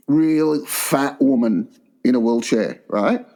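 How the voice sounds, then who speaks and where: A man's voice: mid-range voice, takes it slowly, warm tone. A man co-hosting a crude comedy podcast, telling rambling anecdotes bluntly and swearing a lot. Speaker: podcast co-host.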